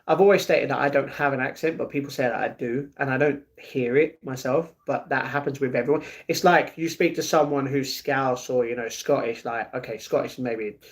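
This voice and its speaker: A man's voice: medium pitch, fairly even intonation, a little fast, few pauses. A young British man chatting casually on a live stream, answering viewers by name and laughing often. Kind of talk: casual live-stream chat, reading chat messages.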